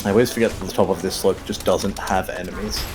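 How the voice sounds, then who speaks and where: A man's voice: low voice, fairly even intonation, quick pace. A man chatting casually with a friend while gaming, making dry, wry remarks. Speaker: gaming partner. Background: game music.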